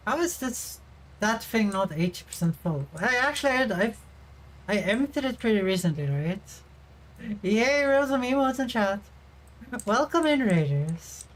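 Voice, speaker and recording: A woman's voice: on the high side, big pitch swings, measured pace, poor audio. A young adult woman livestreaming as a VTuber, chatting casually and giggling as she reads and answers her viewers' messages.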